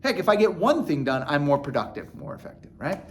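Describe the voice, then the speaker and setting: A man gives a casual motivational talk in a slightly raised voice. He is animated, with plenty of fillers and restarts, and he acts out each feeling he describes. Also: fairly high pitch, fast talker. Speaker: motivational speaker.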